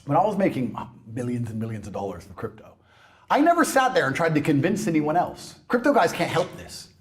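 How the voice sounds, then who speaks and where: A man's voice: a little high, big pitch swings, a little fast. A man in a brash, mocking monologue, swearing often. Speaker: internet personality. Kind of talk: ranting monologue.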